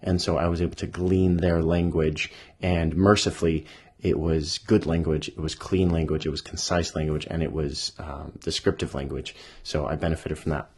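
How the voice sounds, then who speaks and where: A man's voice: very deep voice, fairly even intonation, moderate pace, darkish tone, slightly rough. A man casually talking through edits of his own children's story, thinking aloud with self-deprecating asides. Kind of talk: casual monologue while editing a story aloud.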